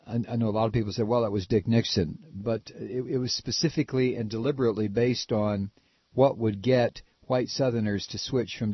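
Older husky nasal man from Ohio. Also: on the low side, no room sound. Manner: halting, with frequent repeated restarts. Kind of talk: casual opinion talk. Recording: dull lo-fi recording.

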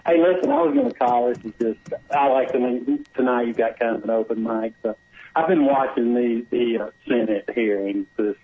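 Husky male caller on a muffled line. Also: mid-range voice, moderate pace. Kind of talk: casual phone call to radio show. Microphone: phone over Bluetooth. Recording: muffled phone line on air.

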